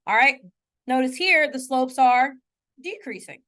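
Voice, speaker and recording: In a high, light voice with lively intonation and a fairly bright tone, a woman lectures her math class. She's chatty and conversational, frequently checking that students are following and playfully mocking her own slips.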